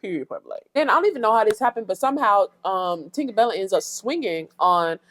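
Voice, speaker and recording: A woman's voice: mid-range voice, animated, fast, fairly bright tone, no room sound. A young woman from Florida who recaps a reality show with blunt, sassy casual commentary and talks straight to her viewers. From Fort Pierce, Florida.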